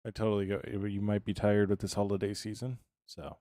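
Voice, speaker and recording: An American man streaming a building game, talking to his chat in a loose, rambling way. His voice sits low and deep, with a mellow, warm tone. The sound is dry and close, with no room echo. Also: completely flat delivery, a little fast. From United States. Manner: rambling and chatty, answers chat by name. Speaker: live streamer.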